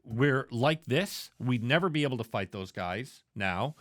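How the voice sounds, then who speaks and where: A man co-hosts a movie podcast, retelling scenes with heavy swearing and short acted-out bits in quick voices. His pitch swings widely, and the animated, profane delivery fits the casual review chat. The recording is dry and close, with no room echo.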